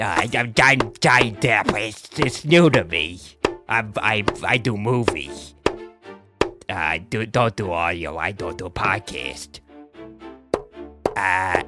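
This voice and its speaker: A man doing a rambling movie-star impression. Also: lowish voice. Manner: halting, many uhs and restarts. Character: famous male film star, bumbling and rambling. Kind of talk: comic celebrity impression.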